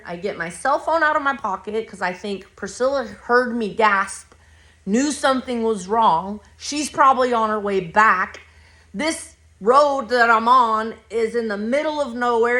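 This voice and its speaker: A woman's voice: a little high, pushed and bright. A woman hosting a podcast, telling a personal story in a blunt, rambling way full of swearing. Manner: blunt, profane, rambling retelling. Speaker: podcast host.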